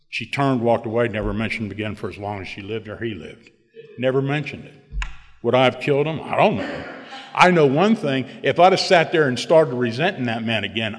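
A man's voice: medium pitch, expressive, brisk, a bit bright, big-room sound. Older man, rambling emphatic testimony. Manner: rambling, full of "you know", rising to emphatic bursts. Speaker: recovery meeting speaker. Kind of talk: personal recovery testimony.

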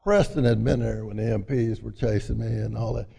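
A man's voice: lowish voice, fairly even intonation, brisk, vocal fry, warm tone, husky. An older man from Arkansas with a Southern accent tells his recovery story to a meeting, folksy and full of "you know" fillers. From Arkansas, USA. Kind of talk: personal testimony talk. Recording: echoey hall, mic at a distance.

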